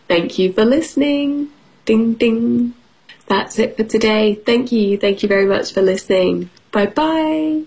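A woman's voice: fairly high pitch, animated, takes it slowly, a little mellow, slightly rough. A woman teaching English on the radio, reading a children's storybook playfully, with sound effects and questions for the children.

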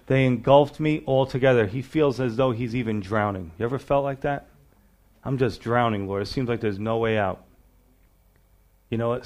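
In a sermon taught verse by verse, a middle-aged male pastor with a medium-pitched voice reads passages aloud. His preaching is conversational, with rhetorical questions directed at the congregation.

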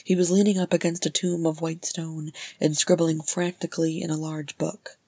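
A woman narrates an audiobook in a very low, even voice, with little rise and fall. Her tone is slightly husky and recorded close and dry. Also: moderate pace, dry recording. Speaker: audiobook reader. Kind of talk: fan fiction audiobook narration.

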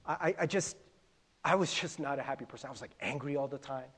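A man's voice: medium pitch, quick pace, a bit bright, husky. A middle-aged man preaching a conversational sermon as a pastor, often stumbling over repeated words. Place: church sanctuary.

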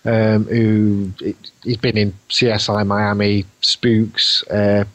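A man's voice: lowish voice, level tone, takes it slowly, a bit bright, no echo, rough recording. A man, co-hosting a podcast in casual chat, musing and rambling with many fillers. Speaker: podcast co-host.

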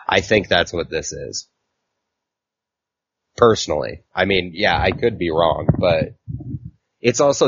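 A man's voice: low voice, a bit bright, husky, no room sound. A man co-hosting a casual comic book podcast, recapping a story in a rambling way with lots of fillers. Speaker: podcast co-host. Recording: dull, lo-fi mic.

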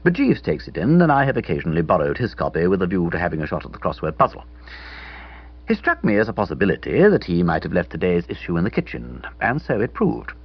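A man's voice: sits low, huge pitch swings, fast talker, slightly rough, lo-fi sound. A man narrating a comic novel in the first person, in a wry, theatrical reading style. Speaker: audiobook narrator.

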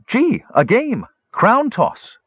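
A man voicing an excitable, simple-minded male gully dwarf shaman who talks in broken, childlike grammar. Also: very high voice, very slow, slightly rough, dry recording, lo-fi sound, pitched above the performer's own voice, heavily acted. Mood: gleeful.

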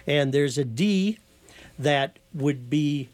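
Guy on a talk show explaining stuff slow and patient, voice a bit high, lecture-y. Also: a little mellow. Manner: patient, lecturing, spells words out. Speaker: guest from a heritage foundation.

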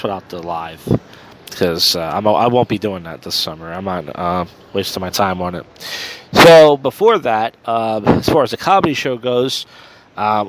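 A man's voice: lowish voice, slight background noise. A man hosting his own podcast, rambling casually through his week with fillers and swearing while out on a walk. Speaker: podcast host. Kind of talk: casual solo chat on a walk. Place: outdoors on a street at night.

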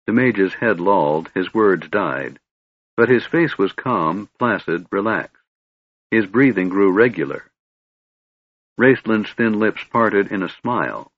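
Man reading an audiobook, low husky voice, kinda muffled dry sound. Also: no room sound. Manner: steady, measured storytelling. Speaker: audiobook narrator. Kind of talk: scripted narration.

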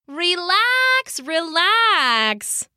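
A woman voicing a sly, flattering male trickster god in a storybook reading. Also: very high-pitched, very slow, no echo, clean studio sound, voice pushed up, full character voice.

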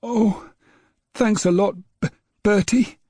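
A man doing a stammering high little boy. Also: fairly even intonation, takes it slowly, warm tone, slightly rough, no room sound, clean studio sound, exaggerated voice. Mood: excited. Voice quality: stammers on first sounds. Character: small stammering boy, eager and proud. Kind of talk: storybook reading.

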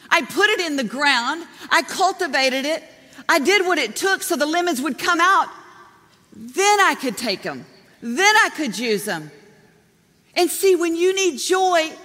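A woman preaching a sermon in a lively, chatty way, often laughing as she talks. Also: a little high. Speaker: pastor. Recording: long hall reverb.

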